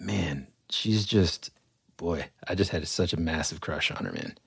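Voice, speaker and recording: A man's voice: low voice, big pitch swings, unhurried, vocal fry, fairly bright tone, husky, no echo, studio quality. A man co-hosting a podcast, chatting casually about movies in a laid-back way. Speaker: podcast co-host.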